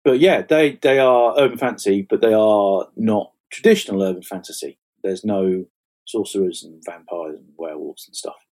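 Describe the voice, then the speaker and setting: A man, a fantasy author chatting as an interview guest, self-mocking and quick to laugh at his own stories. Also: fairly low pitch, darkish tone. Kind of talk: casual interview chat.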